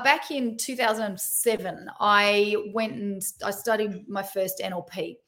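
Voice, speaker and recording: A woman coach talking casually on a live stream, loose and conversational, often checking in with "right?" and restarting her sentences. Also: a little high. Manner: conversational, loose, frequent tag questions and restarts. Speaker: addiction and trauma recovery coach.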